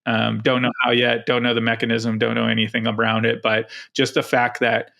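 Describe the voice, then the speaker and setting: A man's voice: mid-range voice, completely flat delivery, a little fast, gravelly, pushed and bright. A middle-aged man co-hosting a podcast, talking casually and rambling with many restarts. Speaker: podcast co-host.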